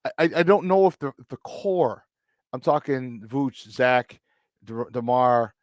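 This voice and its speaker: Hosting sports talk radio out of Chicago, this man speaks with the local accent, hammering his points through repetition in emphatic banter. His medium-pitched voice is expressive and a little slow, captured at studio quality without echo.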